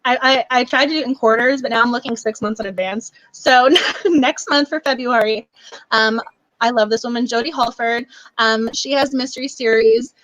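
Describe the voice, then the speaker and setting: A woman's voice: a little high, normal speed, fairly bright tone, no room sound, rough recording. A young woman hosting a book club live stream, chatting casually and gushing, with many laughs and fillers.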